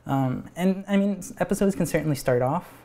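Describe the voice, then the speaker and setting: A man, an animator pitching his own cartoon at a live event, talking in a rambling, animated way with frequent restarts and laughs. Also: brisk. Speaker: animator and show creator.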